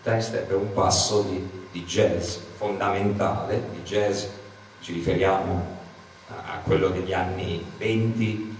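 A man's voice: deep voice, steady tone, a little slow, slight background noise. A man with an Italian accent, hosting a panel and translating back and forth between two languages. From Italy. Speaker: host and interpreter. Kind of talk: bilingual panel talk. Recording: echoey room from far off.

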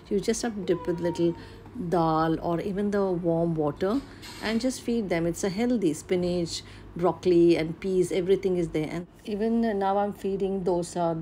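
A mother who vlogs home cooking explains her baby's meals in a casual home video, speaking unhurriedly and plainly with frequent "uh" fillers and restarts. Her voice is fairly low and dark-toned, with a little hiss or hum in the audio.

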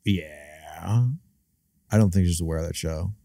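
A man talking casually as a podcast guest, halting and restarting a lot, sometimes slipping into funny voices. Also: low-pitched, gravelly, warm tone, dry recording, clean studio sound. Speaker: comedian guest.

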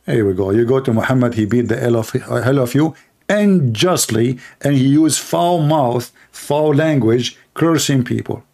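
Gravelly man. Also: mid-range voice, a little slow, mellow. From Arab world. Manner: emphatic, repetitive, heated. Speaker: Christian apologist host. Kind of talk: livestream commentary.

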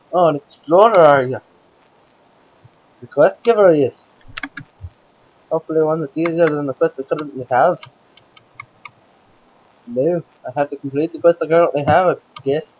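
A man's voice: fairly high pitch, normal speed, long pauses, a little mellow. Scottish guy narrating his game, chatty and jokey, kinda muffled audio with a bit of hiss. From Scotland. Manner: playful, chatty, talks to the game characters. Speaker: let's play host. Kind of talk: gameplay commentary.

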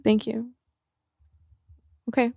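A woman's voice: a little high, takes it slowly, creaky, no room sound. Chatty, laughing young woman, dry close sound. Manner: laughs often, chatty and animated. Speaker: podcast co-host. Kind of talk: casual chat.

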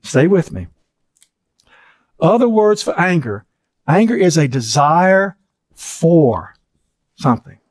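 An earnest middle-aged man teaching, his voice rising and falling in wide swings as he hammers phrases through repetition. He sits a little high for a man and sounds close and dry, with no room behind him. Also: big pitch swings, slow, pauses often, darkish tone, no echo. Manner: earnest, repeats phrases for emphasis. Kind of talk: teaching session.

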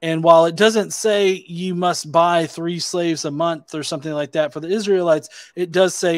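A man's voice: a little high, steady tone, normal speed, few pauses, no echo. A man debating online, probing with questions, hesitant with many restarts and fillers. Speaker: atheist debater.

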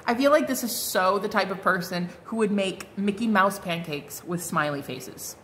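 This woman speaks at medium pitch and a moderate pace while doing a laid-back tarot reading. Bubbly and chatty, she scatters fillers and exclamations everywhere, especially "like" and "oh my God," over a little hiss or hum.

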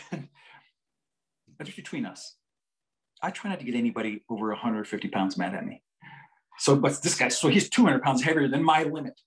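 A man lectures as a psychologist, telling stories with humor. His pitch sits in the middle but rises and falls a lot, which makes him sound lively. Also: brisk, long pauses, poor audio. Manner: animated, joking storyteller. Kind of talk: storytelling lecture.

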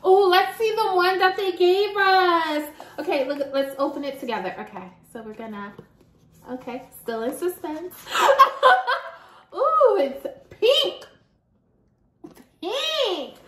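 A woman's voice: very high voice, sing-song, a little slow, a bit bright, roomy sound. A young adult woman chatting casually to her viewers as she unboxes beauty products, giggling often. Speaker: beauty vlogger.

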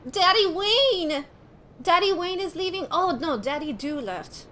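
A woman's voice: high voice, sing-song, measured pace, slight background noise. A woman streaming a first playthrough of a game, chatting with her viewers, swearing and screaming at the action. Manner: chats with viewers while playing. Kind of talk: live gameplay commentary. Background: loud game music.

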